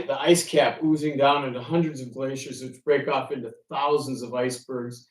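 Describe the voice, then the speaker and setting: A man who works as a ferry pilot tells animated stories to an audience and acts out the conversations he quotes. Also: medium pitch. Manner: animated anecdotes, acting out quoted exchanges. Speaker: ferry pilot and author giving a talk. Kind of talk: storytelling talk to an audience. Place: room with an audience. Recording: echoey room, from a distance.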